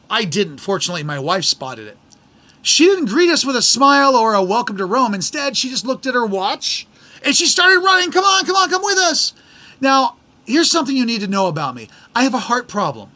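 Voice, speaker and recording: Bright-voiced American man telling a story. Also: sits high. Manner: animated, exasperated storytelling with quoted voices. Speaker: podcast host. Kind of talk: casual storytelling.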